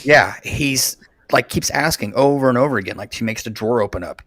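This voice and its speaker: A man co-hosting a podcast, retelling scenes in an animated way and adding quick words of agreement. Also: mid-range voice, dry recording. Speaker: podcast co-host. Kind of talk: casual podcast discussion.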